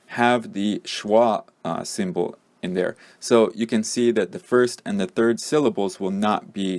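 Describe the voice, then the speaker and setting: A man's voice: lowish voice, darkish tone. A man teaching a pronunciation lesson, explaining patiently with many fillers. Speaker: English teacher.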